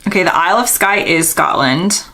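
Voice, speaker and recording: A woman's voice: fairly low pitch, animated, moderate pace, sharp tone. American girl doing a quiz on camera, keeps second-guessing herself, casual vlog talk. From United States. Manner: thinking aloud, unsure and self-questioning. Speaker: vlogger.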